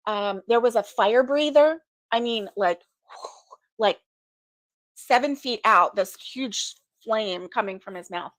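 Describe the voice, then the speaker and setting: Middle-aged woman, host of a casual crochet livestream; slow, sleepy and chatty, slightly high voice, dry close recording. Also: dry recording. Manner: sleepy, chatty, yawning often. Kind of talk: casual morning livestream chat.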